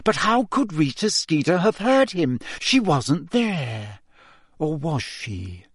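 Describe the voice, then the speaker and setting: A man voicing a clever, bossy teenage schoolgirl witch in an audiobook, speaking briskly and sharply. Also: a little high, very animated, husky, no room sound, studio quality, voice pushed up, full character voice. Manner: brisk, sharp and quick to snap.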